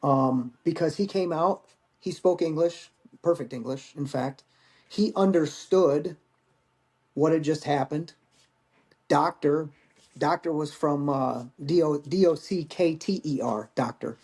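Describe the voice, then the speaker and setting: Mellow-voiced man telling war stories. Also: a little high, a little slow. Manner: candid, rambling, swears casually. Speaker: podcast guest, Marine veteran. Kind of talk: casual storytelling.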